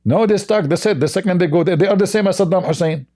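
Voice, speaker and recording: A man's quick-paced reaction commentary drips with sarcasm and scorn, wandering along in ungrammatical bursts. His tone is mellow and dark, though his pitch runs a little high for a male voice.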